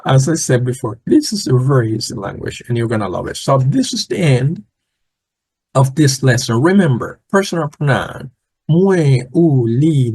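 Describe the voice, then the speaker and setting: A man teaching a language lesson, patiently repeating words slowly and clearly. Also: fairly high pitch, a little mellow, no room sound, rough recording.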